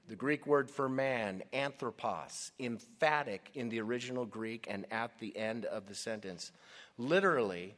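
A man preaching a sermon as pastor, delivering emphatic, deliberate lines with dramatic stresses. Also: mid-range voice, lively intonation, a bit bright, in a large hall.

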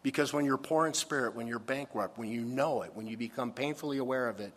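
A man preaching a sermon, earnest and emphatic, with dramatic pauses on key words. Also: mid-range voice, fairly bright tone, a little hiss or hum. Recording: long reverb of a large hall.

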